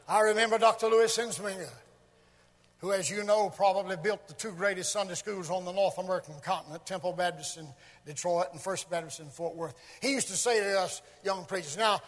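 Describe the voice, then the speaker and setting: A man with a high, ringing voice preaches from the pulpit. He swings from quiet murmurs to shouted lines. His voice carries a long echo through a big church sanctuary. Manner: dramatic rising and falling emphasis, shouting key phrases. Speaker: visiting preacher. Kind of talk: sermon. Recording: long reverb in a large hall.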